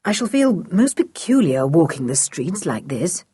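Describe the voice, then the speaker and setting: A woman voicing a fussy middle-aged father who speaks in a slow, measured way. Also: lowish voice, very animated, warm tone, breathy edge, no room sound, full character voice.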